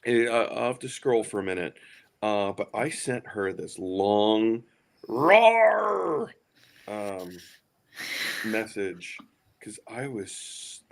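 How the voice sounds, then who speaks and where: A man telling a story in casual livestream chat, halting and profane as he goes. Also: fairly low pitch.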